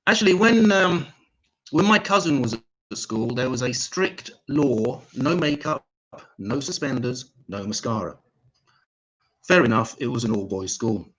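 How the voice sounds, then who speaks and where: A man doing a stand-up comedy set online, delivering crude, deadpan one-liners. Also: medium pitch, measured pace, slightly rough, low-quality recording. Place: home, online comedy show.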